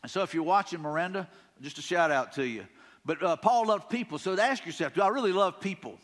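A man with a Southern drawl preaches in a casual, folksy way, often circling back over the same words. His voice sits high for a man. The sermon is heard in a church sanctuary with a long, ringing reverb. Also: expressive, a little fast, fairly bright tone. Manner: conversational, folksy, repeats himself, paraphrases scripture casually. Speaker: pastor.

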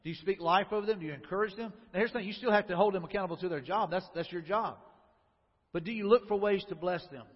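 A man's voice: sits high, fast, husky. A man preaching a sermon as a pastor, talking to the congregation in a conversational way and asking them questions. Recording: lo-fi recording with long hall reverb.

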